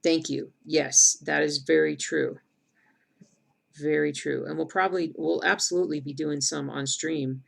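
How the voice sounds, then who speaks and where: Middle-aged woman, streamer, heavy vocal fry, chatty and rambling, casual live-stream chat. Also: low voice, fairly even intonation, unhurried. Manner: chatty, rambling, answers viewer comments aloud. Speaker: cross-stitch streamer.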